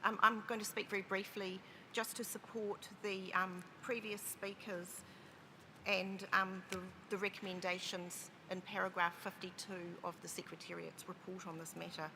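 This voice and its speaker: A woman's voice: medium pitch, level tone, normal speed, noisy background. A woman speaking briefly and politely as a regional delegate at a committee meeting, with some hesitations. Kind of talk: formal committee statement. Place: large conference hall.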